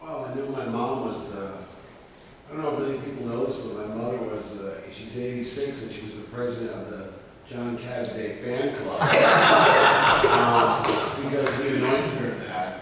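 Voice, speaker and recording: A man telling stories on a convention panel in a casual, animated way, acting out other people's lines as he goes. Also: medium pitch, moderate pace, slight background noise. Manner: animated, acts out voices in anecdotes. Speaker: convention organizer. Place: large convention hall, mic from afar. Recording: echoey hall, heard from far off.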